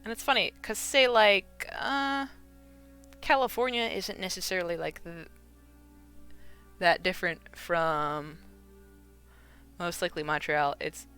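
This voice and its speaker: Bright, chatty Midwestern streamer woman. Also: fairly low pitch, fairly even intonation, measured pace, long pauses, clean tone, faint music behind. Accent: Midwestern American. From American Midwest. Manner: chatty and rambling, heavy on "like" and "you know". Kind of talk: casual live-stream chat while crafting.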